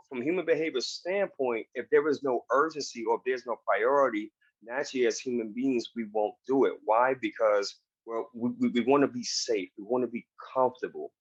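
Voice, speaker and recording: A man's voice: medium pitch, no room sound. A man speaking earnestly and emphatically as a guest in a motivational interview, recorded over a video call. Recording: dull, dry video call audio.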